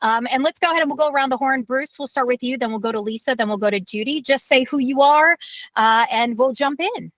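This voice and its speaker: A woman's voice: high voice, fast, a bit bright, no room sound. A woman hosting a casual interview over a video call, upbeat and full of fillers. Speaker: host.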